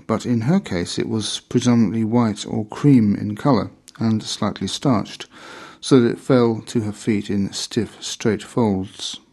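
A man reading a memoir aloud in measured, deliberate scripted narration. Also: fairly low pitch, mellow.

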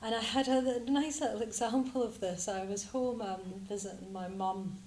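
A woman's voice: mid-range voice, steady tone, moderate pace, darkish tone, reverberant. A woman from Scotland giving a reflective Buddhist talk to a group, hesitant and full of fillers.

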